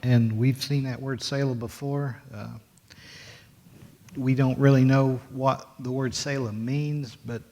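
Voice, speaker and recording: A man teaching a Bible lesson in a church classroom, his voice sitting at an ordinary middle pitch. He talks plainly and conversationally, with many fillers and restarts. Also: steady tone, slow, darkish tone. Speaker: Sunday school teacher.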